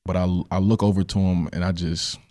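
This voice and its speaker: A young man hosts a podcast in casual chat with a low, mellow voice. He talks fast and tells stories with animation, often tossing in "right?" to check in with his listener. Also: level tone. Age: young adult. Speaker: podcast host.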